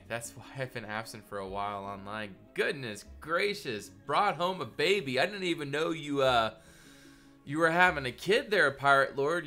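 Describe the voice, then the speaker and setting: A man's voice: medium pitch, bright, forceful tone. A man live-streaming a building session, chatting casually with viewers and greeting them by name, his voice nasal and congested from a cold.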